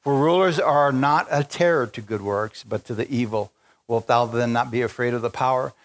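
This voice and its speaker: A man's voice: medium pitch, moderate pace. A man preaching an unplanned sermon to a large congregation, fervent and call-and-response, reading scripture and rising to exclamations. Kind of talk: spontaneous sermon.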